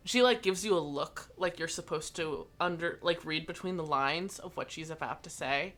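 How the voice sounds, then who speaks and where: A woman narrating as game master of a tabletop game, slow and descriptive with frequent fillers. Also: deep voice, fairly bright tone.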